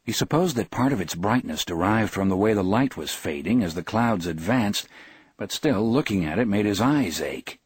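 A male audiobook narrator with a low, husky voice reads with measured expression. The recording is close and dry, with no room around it. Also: lively intonation, no room sound. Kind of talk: scripted narration.

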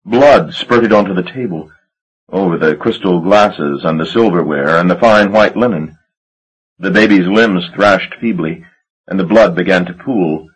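A man reading a gothic novel aloud as an audiobook narrator, in a measured, dramatic storytelling manner. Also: low voice, breathy edge, low-quality recording. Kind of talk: scripted narration.

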